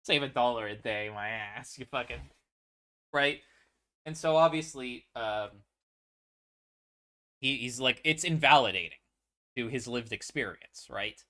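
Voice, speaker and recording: Animated, profane man talking about a series. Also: mid-range voice, a little slow, pauses often. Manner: animated, profane, laughs often; frequent fillers and restarts. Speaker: show host. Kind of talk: casual commentary on a series.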